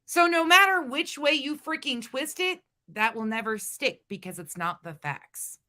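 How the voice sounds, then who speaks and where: A woman's voice: high-pitched, expressive, moderate pace, pushed and bright. A woman hosting a reaction commentary, blunt, sarcastic and profane. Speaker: commentary host. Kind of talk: reaction commentary on livestream clips.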